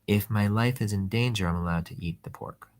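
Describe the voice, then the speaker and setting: A man's voice: fairly low pitch, brisk, lightly acted. A man voicing a hesitant Polish Jewish businessman in a spoken joke, stammering and apologetic.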